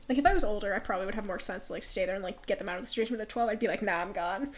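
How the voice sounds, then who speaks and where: A woman's voice: mid-range voice, racing, a little hiss or hum. A young woman streaming a game, chatting, laughing often and reading character lines aloud, with a nasal, congested voice. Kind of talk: game let's play, reading dialogue aloud.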